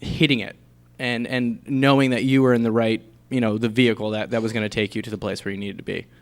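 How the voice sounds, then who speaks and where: A man's voice: mid-range voice, flat delivery, quick pace. A man with a mid-range voice answers an audience question on a theater stage. He is thoughtful and hesitant and uses plenty of fillers. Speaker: actor on a panel. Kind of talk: post-screening Q&A.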